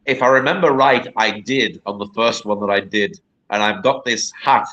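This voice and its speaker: A man's voice: fairly low pitch, moderate pace, pushed and bright, highs cut off. A man from northern England, a poet and guest, chatting casually and rambling a little in an interview over a video call. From northern England, near the Scottish border. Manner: chatty, rambling, repeats words for stress.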